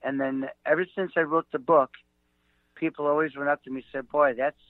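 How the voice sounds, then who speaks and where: A middle-aged man, a comedian guest, telling a rambling story with halting fillers and restarts, acting out the quotes, over a tinny phone-like line. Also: on the high side, steady tone, slight background noise.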